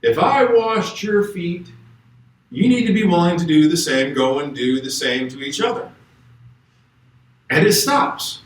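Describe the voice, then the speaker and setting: A man preaches an emphatic, conversational sermon in a fairly high voice and reads scripture aloud. He takes his time, and he is picked up from well back in a large, strongly echoing church sanctuary. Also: expressive, unhurried, long pauses. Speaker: guest preacher. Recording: echoey church hall from far off.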